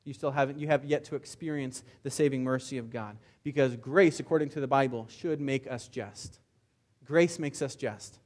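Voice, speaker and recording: A man's voice: mid-range voice, moderate pace, a little mellow. A pastor delivering an impassioned sermon, often repeating words as he builds his points. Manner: impassioned preaching with frequent word repeats.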